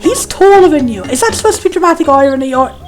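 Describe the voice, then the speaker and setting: A woman's voice: sits high, expressive, fast. A woman giving casual, chatty commentary while playing a video game, comparing it with other versions. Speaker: let's play host. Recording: game music behind.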